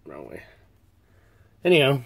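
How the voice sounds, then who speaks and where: A man's voice: medium pitch, huge pitch swings, measured pace, vocal fry, a bit bright, breathy edge, no room sound. Breathless middle-aged man giving a casual van tour. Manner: folksy, plainspoken, chuckles often. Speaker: vlogger touring his camper van. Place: inside a small camper van.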